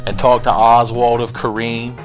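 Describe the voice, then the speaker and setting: Sarcastic gamer dude cussing out enemies, mid voice, soft game music under him. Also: male voice, medium pitch, level tone, normal speed. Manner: sarcastic, profane, taunts enemies. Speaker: gaming commentator. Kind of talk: let's play commentary. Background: faint game music.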